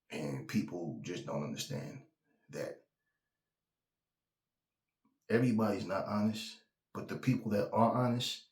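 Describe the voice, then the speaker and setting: This boxing talk host, speaking in a fairly low, roomy-sounding voice, goes on an emphatic, foul-mouthed tirade. He keeps repeating his points and mimics others in mocking voices, all in a heated, casual way.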